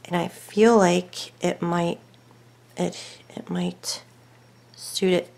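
A woman hosting a casual crafting tutorial at home, chatting to herself and her dogs as she works and thinking aloud over each choice, sometimes dropping to soft murmurs. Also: lowish voice, level tone, slow pace, gravelly.

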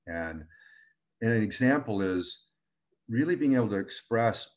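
Male relationship coach, lower voice, earnest teaching tone. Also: lively intonation, a little slow. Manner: earnest, acts out partners' words in quoted voices. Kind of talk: teaching an online class.

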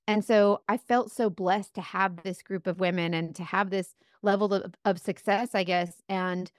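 A woman's voice: medium pitch, normal speed, no echo, studio quality. Earnest woman telling her story. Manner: earnest and animated, frequent "like". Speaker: guest, makeup seller. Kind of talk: faith-filled personal story.

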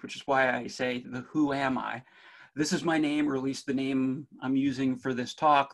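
A man's medium-pitched voice, a little bright, with vocal fry. He's middle-aged, from New Jersey, faintly accented, and gives a playful conference presentation on cybersecurity while talking directly to listeners.

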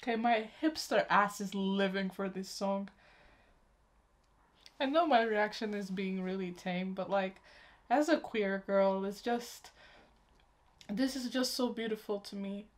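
A young woman talks straight to her viewers in a casual reaction vlog. She gushes openly, lets her excitement and tenderness run freely, and treats the audience like close friends. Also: medium pitch, a little slow, long pauses. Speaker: YouTube reaction host.

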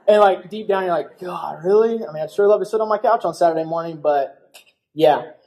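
A young man preaching a church sermon, telling a story in a lively, casual way and acting out the voices of people in it. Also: high-pitched, fast. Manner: animated storytelling with acted-out voices. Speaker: pastor.

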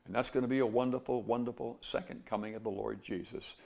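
A man delivers a broadcast Bible lesson with a gravelly edge to his mid-pitched voice. He preaches earnestly, poses rhetorical questions, and leans hard into the key phrases. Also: steady tone, fast talker, darkish tone. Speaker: Bible teacher. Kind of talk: radio Bible teaching.

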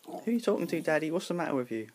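A man voicing his pet dog Opal as a cheeky, puzzled young female with a high, soft, sassy voice. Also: big pitch swings, racing.

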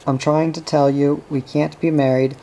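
A man's voice: a little high, flat delivery, moderate pace, gravelly, warm tone, a little hiss or hum. Johnny, a bitter blinded young man, read by a man. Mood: resigned. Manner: bitter, resigned. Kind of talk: audiobook character reading.

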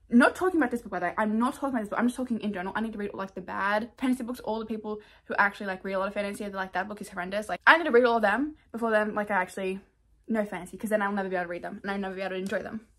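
A young Australian woman with an Australian accent, chatting casually in a rambling book haul vlog from her room, full of "like" and quick asides. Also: mid-range voice, a bit bright. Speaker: book vlogger.

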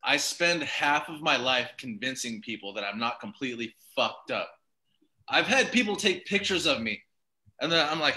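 Bright-voiced laid-back profane male comic. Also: medium pitch, lively intonation, a little fast, rough recording. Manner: laid-back, profane, self-mocking storytelling. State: a bit drunk. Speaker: stand-up comic on a video call show. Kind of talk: rambling stand-up set. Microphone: video call.

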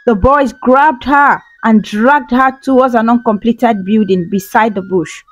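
A woman's voice: a little high, steady tone, measured pace, poor audio. A woman narrating a folktale as a storyteller, dramatic and emotive. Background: faint music.

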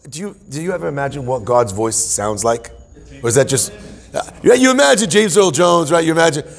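A man's voice: fairly high pitch, lively intonation, a little fast, gravelly. A man teaching a humorous Torah class in a playful, musing way, full of self-deprecating asides.

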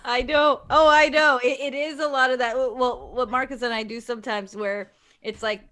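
A woman's voice: high-pitched, steady tone, normal speed, fairly bright tone, clean tone. A woman hosting a casual chat, playful and joking, laughing at herself. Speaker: host.

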